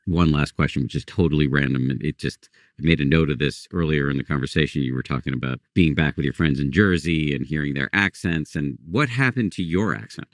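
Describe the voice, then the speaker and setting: This middle-aged man hosts a podcast and asks his questions with a wry, self-deprecating humor. His voice is very deep and recorded dry at close range. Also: a little fast, few pauses, dry recording. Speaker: podcast host. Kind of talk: conversational interview.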